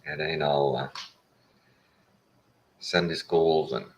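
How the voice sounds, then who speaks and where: Gravelly deep Texan man, folksy monologue. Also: fairly even intonation, slow pace, noisy background. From Texas. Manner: folksy, plain-spoken, wry. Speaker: show host. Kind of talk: casual opinion monologue.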